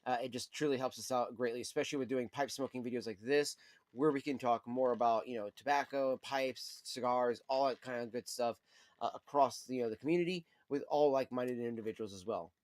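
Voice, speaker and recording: A man's voice: mid-range voice, a little fast, no echo. Stream host, male, easygoing rambler; dry, unechoed delivery. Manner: rambling, filler-heavy, relaxed. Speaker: pipe smoking channel host. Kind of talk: casual livestream chat.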